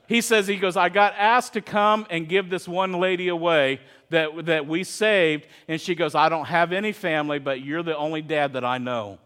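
Middle-aged pastor guy, high voice, chatty sermon storytelling. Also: fairly bright tone, clean tone. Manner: storytelling, conversational, with quoted voices.

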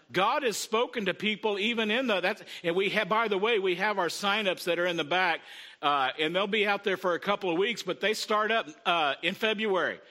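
Pastor, male, middle-aged, high and bright, chatty sermon full of call-outs. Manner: conversational preaching with frequent "Amen?" call-outs.

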